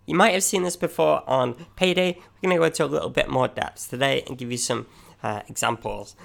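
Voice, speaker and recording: Gravelly man, podcast co-host, chatty explainer with fillers. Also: medium pitch, brisk, fairly bright tone. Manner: explains with examples, many fillers. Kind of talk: casual business podcast chat.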